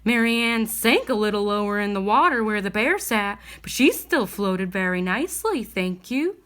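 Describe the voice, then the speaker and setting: A woman reading a bedtime story aloud in a gentle, expressive way. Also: mid-range voice, moderate pace, smooth.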